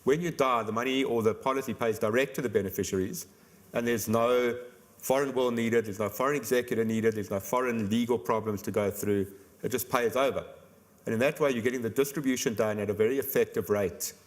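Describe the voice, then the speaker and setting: A middle-aged man, an insurance expert, explaining estate planning in a brisk interview. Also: mid-range voice, steady tone. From South Africa. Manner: brisk, explanatory, rapid-fire examples. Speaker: insurance company expert guest. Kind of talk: virtual conference interview.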